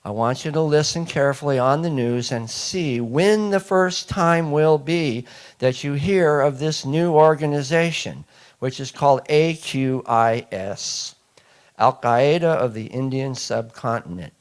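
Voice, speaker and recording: A man's voice: mid-range voice, measured pace. Emphatic man lecturing an audience. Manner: emphatic, asks the audience questions. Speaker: speaker addressing an audience. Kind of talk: public lecture.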